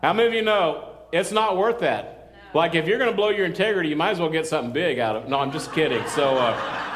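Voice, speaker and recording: A man's voice: a little high, expressive, quick pace, a bit bright. A male pastor preaching a sermon in a loose, conversational way, with joking asides and calls for amen.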